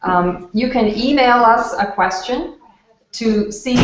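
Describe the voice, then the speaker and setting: A woman's voice: medium pitch, animated, unhurried. A woman hosting an online talk event in a casual, chatty way with frequent fillers. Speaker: event host. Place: community hub classroom. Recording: echoey room, dull lo-fi sound.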